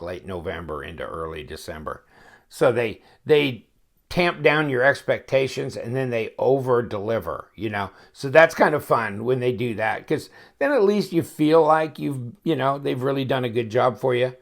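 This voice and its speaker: Gravelly, rambling man unboxing a knife. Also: medium pitch. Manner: rambling and chatty, thinking aloud; wry, joking asides. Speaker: knife reviewer. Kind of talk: casual unboxing chat. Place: home, at his inspection table.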